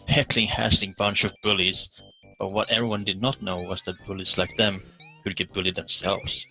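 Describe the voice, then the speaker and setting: A man reading a children's storybook aloud with a low, bright voice, now and then slipping and restarting a word. Faint music plays underneath. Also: low-quality recording. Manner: reads aloud with small slips and restarts. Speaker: speedrun commentator reading a storybook.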